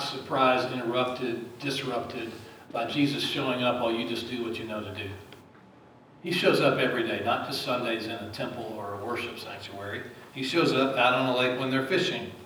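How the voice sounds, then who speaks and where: A man's voice: medium pitch, a bit bright, slight background noise. A man preaching a sermon in a church sanctuary, talking conversationally and asking the congregation questions. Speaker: pastor. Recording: very echoey, distant mic.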